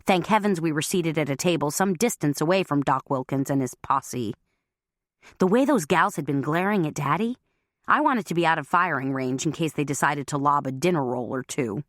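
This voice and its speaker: Low-voiced wry woman narrator. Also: expressive, moderate pace, dry recording, studio quality. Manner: wry, conversational. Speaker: audiobook narrator. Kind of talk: first-person humorous narration.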